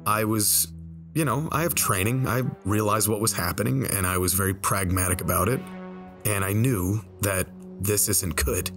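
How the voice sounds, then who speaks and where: A man telling a personal story in a relaxed, conversational way over gameplay, slowing down for the tense moments. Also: lowish voice, music in the background. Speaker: storyteller and game video creator. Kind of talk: casual spoken storytelling. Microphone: desk microphone.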